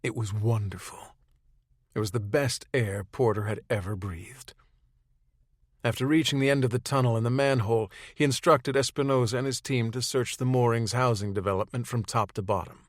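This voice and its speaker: A male narrator reads a third-person audiobook chapter, steady and matter-of-fact. His pitch is ordinary for a man. The recording is dry and close, with no room sound. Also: a little fast, no room sound.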